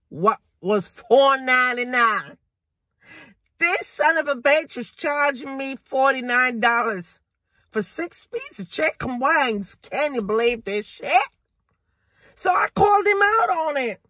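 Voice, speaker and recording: A woman's voice: mid-range voice, a bit bright, no echo. An actress playing a fed-up working woman who rants indignantly and profanely to a friend on the phone. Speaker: caller venting to a friend. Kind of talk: low-budget drama monologue.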